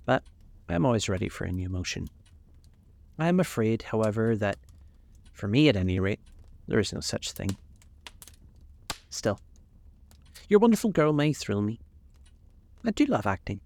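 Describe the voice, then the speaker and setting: A man voicing a languid, witty aristocratic gentleman in a storybook reading, with a drawling, amused manner. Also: on the low side, sing-song, normal speed, gravelly, long pauses.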